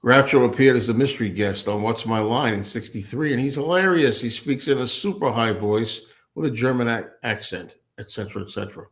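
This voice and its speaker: Guy running a laid-back stream, answering chat comments, middle pitched voice. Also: expressive, brisk, few pauses. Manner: chatty, reads and answers viewer comments. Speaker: livestream host. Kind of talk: casual livestream chat.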